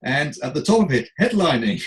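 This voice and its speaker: A middle-aged man tells stories in an animated, self-deprecating way. His voice sits at a middle pitch and carries a roomy echo. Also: moderate pace. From England. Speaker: guest, comedy writer and speaker. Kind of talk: anecdotal storytelling.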